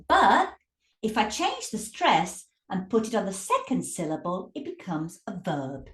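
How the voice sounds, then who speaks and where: A woman teaching English pronunciation, drawing out words slowly and stressing syllables to demonstrate. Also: on the low side, distant mic, a little hiss or hum. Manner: slow, drawn-out demonstrative speech with lively emphasis. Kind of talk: pronunciation lesson. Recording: echoey room.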